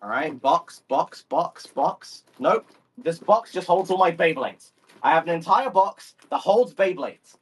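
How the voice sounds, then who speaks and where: A man's voice: a little high, lively intonation, measured pace, husky. A man streaming live, talking into a phone microphone from a step away in his room at home, rambling in exasperated, baffled bursts and swearing. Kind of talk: casual live audio chat.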